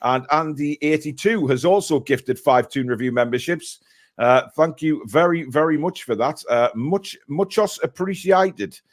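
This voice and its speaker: A man's voice: on the high side, moderate pace. A man hosting a casual live stream, reading out viewer messages and giving blunt opinions.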